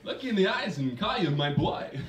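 A man's voice: sits high, sing-song, moderate pace, a crowd in the background. A man impersonating a sleazy, drawling man on a phone hotline as a stand-up bit. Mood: sultry. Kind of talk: stand-up impression. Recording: roomy, distant mic, hissy noise.

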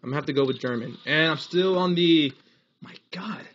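A man's voice: on the high side, brisk, fairly bright tone, highs cut off, a little hiss or hum. A young American man chatting on a casual live gaming stream, rambling, laughing often and reading chat aloud. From United States. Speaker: livestreamer.

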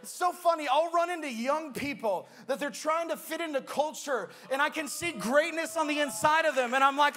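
High-voiced, animated young male pastor. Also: brisk, few pauses. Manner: animated, playful, acts out his own story. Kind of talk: sermon with humorous storytelling.

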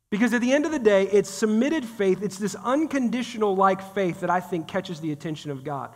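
A man's voice: sits high, animated, brisk, hardly any pauses, a little mellow. A pastor in his thirties or forties preaching a sermon in a church, talking in a conversational, joking way and speaking straight to the congregation. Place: church sanctuary. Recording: long reverb of a church hall.

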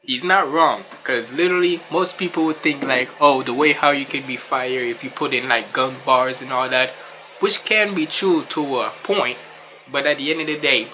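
Bright-voiced man with a stuffy nose. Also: mid-range voice, a little hiss or hum, low-quality recording. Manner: laid-back, rambling, many fillers. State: stuffy, nasal from a cold. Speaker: music reaction host. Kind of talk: casual reaction commentary.

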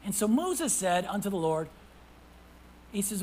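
A man preaching a sermon as pastor. He reads scripture aloud, calls out to the congregation for responses, and swings from hushed whispers to loud emphasis. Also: high-pitched, very animated, a little slow, a little hiss or hum, poor audio. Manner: reads scripture in old-fashioned wording.

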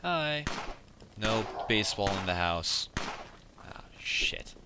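A man's voice: fairly low pitch, very animated, slow pace, heavy background noise. A young man giving casual let's play commentary, swearing often and muttering at the game in frustration.

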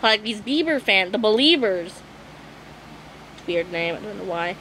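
A woman's voice: mid-range voice, expressive, measured pace, fairly bright tone, a little hiss or hum, poor audio. A young woman vlogging a rant, exasperated and swearing, apologizing often and losing her voice. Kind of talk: ranting vlog monologue.

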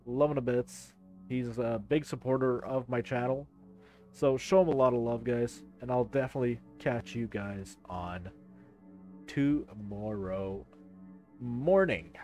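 Male streamer, middle pitch, animated and casual, faint music behind. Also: unhurried. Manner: animated, chatty, swears casually. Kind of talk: casual live-stream sign-off.

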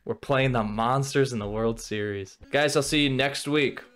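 A young man streaming a baseball video game, excitable, swearing and shouting at his players. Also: medium pitch, moderate pace, clean tone. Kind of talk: excited gameplay commentary.

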